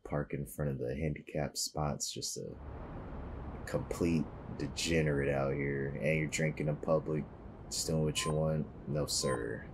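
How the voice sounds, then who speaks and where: A man's voice: a bass voice, steady tone, measured pace, noisy background. A man giving casual, wry running commentary while playing a police video game. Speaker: gameplay commentator.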